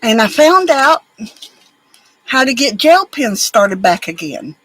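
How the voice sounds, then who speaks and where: A woman's voice: fairly high pitch, big pitch swings, slow, fairly bright tone, no echo, low-quality recording. A woman, chatting casually and rambling as she works on crafts at home, now and then talking to her pets. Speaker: crafting vlogger. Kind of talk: casual chat while crafting.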